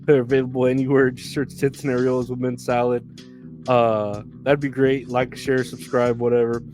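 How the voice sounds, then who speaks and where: A man's voice: mid-range voice, little pitch movement, normal speed, darkish tone, soft background music. A man hosting his own podcast, rambling alone in a profane, meandering, self-deprecating way. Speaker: podcast host. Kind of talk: rambling solo podcast monologue.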